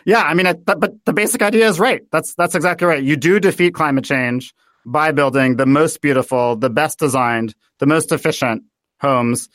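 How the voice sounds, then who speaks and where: Energetic American man talking policy, dry sound. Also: fairly high pitch, normal speed, dry recording. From United States. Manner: animated, thinking aloud with many fillers. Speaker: guest author. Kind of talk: political interview.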